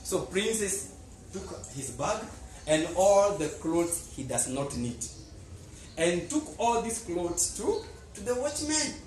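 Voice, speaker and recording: A high-voiced male pastor tells a sermon story in a church. He swings between hushed asides and loud outbursts. The sound rings around an echoey hall with faint room hiss. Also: slow. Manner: animated, swings from low murmurs to loud exclamations. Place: church sanctuary.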